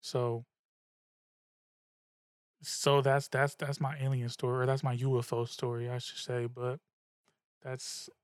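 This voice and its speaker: Young man, mid-pitched voice, casual and profane storyteller, no room echo. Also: unhurried, long pauses, smooth, studio quality. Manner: animated, profane, repeats himself. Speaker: podcast host.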